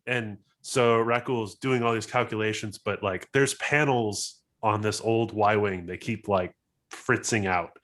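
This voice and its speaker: Animated male tabletop player. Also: on the low side. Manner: animated, jumps into quick character voices. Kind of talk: describing a character's actions in a tabletop game.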